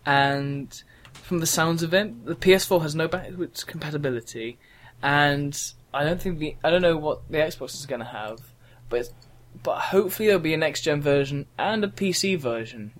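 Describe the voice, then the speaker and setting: A man's voice: a little high, moderate pace. A young man co-hosting a casual gaming podcast, rambling with frequent ums. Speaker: podcast co-host.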